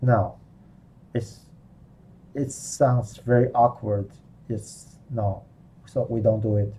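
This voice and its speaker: A man's voice: medium pitch, fairly even intonation, takes it slowly, mellow, rough recording. A man, a Mandarin speaker, teaching a live online grammar lesson, patiently explaining with frequent repeats and restarts. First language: Mandarin Chinese. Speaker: language teacher.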